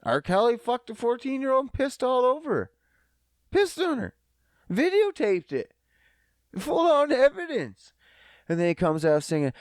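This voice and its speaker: A young man hosts a solo comedy podcast, rambling, cursing, and making fun of himself. His very high voice swings wildly in pitch at a normal speed, with frequent pauses. The audio is studio quality with no room sound.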